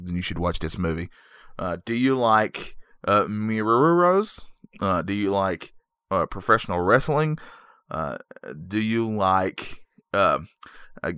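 A man's voice: on the low side, pushed and bright, clean tone, no room sound, studio quality. A man hosting a casual solo movie review podcast, rambling and joking with many filler words. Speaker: podcast host.

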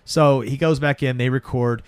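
A man's voice: mid-range voice, moderate pace, smooth, no room sound. Casual man retelling a movie. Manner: animated retelling, acting out characters' lines. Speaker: podcast co-host recapping a film. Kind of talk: casual profane chat.

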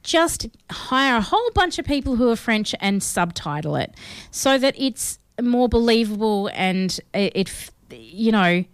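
Speaking at a measured pace with lively intonation, this fairly high-pitched Australian woman co-hosts a film review show. She's chatty and opinionated, full of fillers, and the recording is clean, studio quality, with no echo.

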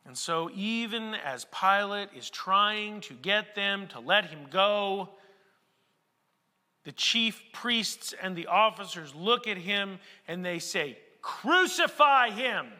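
High-voiced preacher in a reverberant hall. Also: male voice, slow pace. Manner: preaching with dramatic swings between hushed and shouted passages. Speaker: pastor. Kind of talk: sermon.

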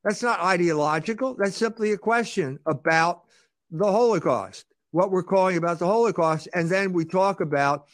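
High-pitched man arguing in dry sound. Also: dry recording. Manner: rhetorical questions, repeats words when starting sentences. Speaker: guest. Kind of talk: argumentative interview talk.

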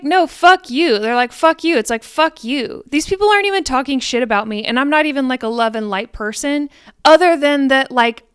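A woman's voice: high voice, clear, resonant tone, no echo, studio quality. A woman hosting a spiritual podcast, talking frankly and profanely in a rambling, self-questioning monologue. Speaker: podcast host.

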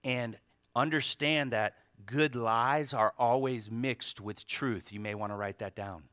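A male pastor preaching a sermon with emphatic delivery, swinging from hushed asides to loud, fervent climaxes. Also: medium pitch, measured pace, no echo.

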